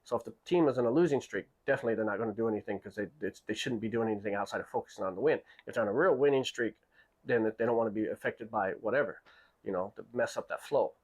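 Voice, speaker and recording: A man's voice: on the low side, rapid-fire. A man casually telling a long story, acting out the people in it and often restarting his sentences. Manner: animated, acts out quoted people with raised voice; restarts and repeats words often. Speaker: podcast host.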